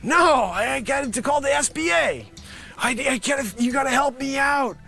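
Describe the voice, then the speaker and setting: A man improvising a comedy sketch as a brash, sarcastic pitchman. He rambles through a mock pitch, drops mumbled asides and then bursts into shouting. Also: animated, normal speed, creaky. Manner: swings between mumbled asides and sudden shouted outbursts. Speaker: comedy show host pitching a mock product.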